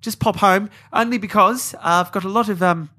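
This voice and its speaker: A man's voice: high voice, fairly even intonation, a little fast, sharp tone, pitched above the performer's own voice. A man voicing a timid, polite male schoolteacher who pleads hesitantly. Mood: pleading. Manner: meek, rambling, hesitant.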